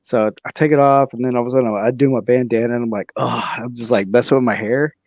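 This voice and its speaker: A young man rambling through a comedic story on a podcast, stumbling over restarts and piling on fillers. His voice sits at a middle pitch, recorded close and dry with no room sound. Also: fairly even intonation, a little mellow, dry recording. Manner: halting, many restarts and 'like'. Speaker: podcast co-host.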